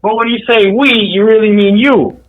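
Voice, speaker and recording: Podcast co-host guy, measured and pushy, kinda muffled sound. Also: high-pitched, fairly even intonation. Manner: measured, challenging, pushes back. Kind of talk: casual debate chat.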